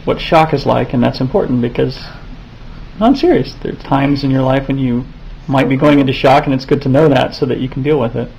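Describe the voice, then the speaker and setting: A man filming his son's stitches for a video, answering critics with sarcastic, deadpan mock outrage. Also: medium pitch, fast, vocal fry, few pauses, lo-fi sound, slight background noise. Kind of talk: mock-indignant vlog reply. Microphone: handheld camera.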